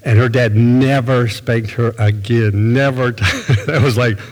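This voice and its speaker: A man's voice: mid-range voice, fairly even intonation, unhurried, darkish tone. Older man preaching in an echoing hall. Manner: folksy, storytelling, conversational. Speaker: pastor. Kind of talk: sermon.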